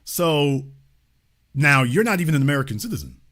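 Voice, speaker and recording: Male talk host, lecturing and emphatic, bright forceful tone, animated delivery. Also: a little high, normal speed. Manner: emphatic, lecturing, presses the caller. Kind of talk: political commentary and call-in.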